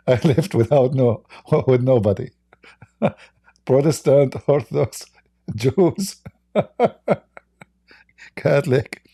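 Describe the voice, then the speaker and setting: A man's voice: mid-range voice, takes it slowly, creaky, long pauses, dark tone. A man hosting a debate livestream, blunt and mocking, laughing often as he talks. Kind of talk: casual livestream debate talk.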